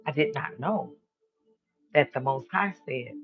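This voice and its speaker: A man's voice: medium pitch, animated, measured pace, gravelly, slightly rough, highs cut off. A man hosting a live stream, giving an emphatic spiritual monologue and repeating his declarations, with casual swearing.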